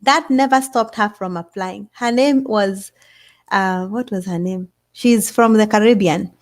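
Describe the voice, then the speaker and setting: A middle-aged woman, telling a story as an interview guest in an animated way. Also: medium pitch, measured pace. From Kenya. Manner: animated, acts out others' voices. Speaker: guest scientist.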